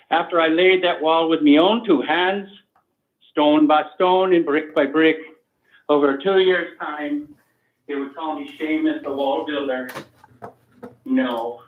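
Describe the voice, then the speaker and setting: A man's voice: a little high, heavy reverb, lightly acted. A man on a phone line putting on a put-on Irish accent to play a grumbling old countryman. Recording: distant tinny phone line.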